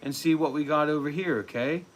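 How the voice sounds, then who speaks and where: Brief: fairly high-voiced man, profane mock-guru livestream rant, faint background hum. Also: a little fast.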